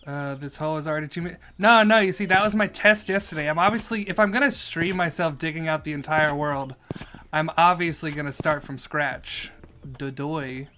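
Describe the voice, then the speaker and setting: A man's voice: fairly high pitch, normal speed, bright, forceful tone, a little hiss or hum. A man streaming a game, chatting casually and goofily while reading chat questions aloud and answering them. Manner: goofy and jokey, reads chat aloud and answers it. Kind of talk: casual live-stream commentary while playing.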